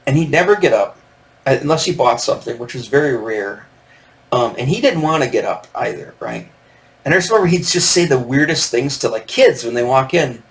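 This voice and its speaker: Expressive and brisk, this medium-pitched podcast host from Michigan, in his fifties, drifts through a nostalgic, casual monologue. He wanders off on tangents and leans heavily on fillers.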